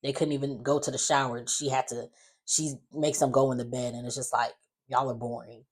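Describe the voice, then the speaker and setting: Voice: mid-range voice, steady tone, brisk, breathy edge. Soap recap host, casual and opinionated, rambling with asides. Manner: chatty and opinionated, many fillers and asides.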